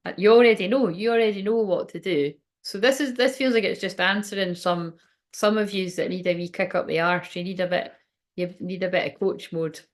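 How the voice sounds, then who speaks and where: A woman's voice: lowish voice, fairly quick. A woman, giving a casual, rambling tarot reading, swearing freely and laughing often. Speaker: tarot reader and medium.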